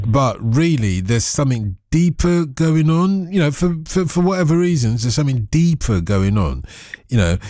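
A man chatting casually, his pitch swinging widely as he teases and jokes. He spent part of his childhood in Nigeria. The sound is close and dry. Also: a little mellow, no echo. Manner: playful, teasing, jumps into put-on voices. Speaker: conversation partner. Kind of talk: casual chat.

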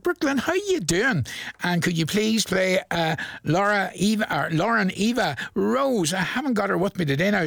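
A man with a Northern Irish accent hosts a radio request show, rambling chattily as he reads shout-outs and chuckles in between. His voice is high and creaky, with no room sound.

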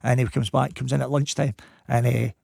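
A Scottish football coach from Glasgow with a Glaswegian accent, telling animated stories in a casual chat. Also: male voice, mid-range voice, gravelly, slightly rough, dry recording, studio quality. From Scotland. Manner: animated anecdotes, quick talk. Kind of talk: casual storytelling.

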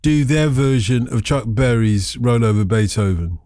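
A man hosting a radio show in casual chat, excitable and rambling as he talks about old records. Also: medium pitch, normal speed, dry recording, clean studio sound. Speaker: radio host.

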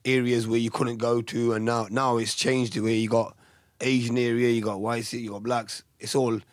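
Soft-spoken man recalling his past. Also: medium pitch, level tone, a little fast, no room sound, studio quality. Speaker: guest, former boxer. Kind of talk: casual podcast interview.

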